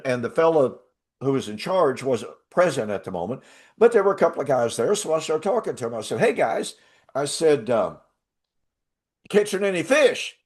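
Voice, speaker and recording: An older man hosting a talk show, telling a travel story in a casual, animated way and laughing often. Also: medium pitch. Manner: animated, laughs often, acts out quoted voices. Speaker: show host.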